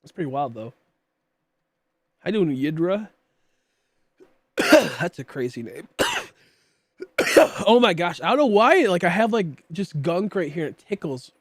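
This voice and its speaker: A man's voice: sits high, very animated, unhurried, pauses often, dry recording. A young man streaming and chatting casually with viewers, rambling with many fillers and coughing often from a tickly throat. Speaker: livestreamer.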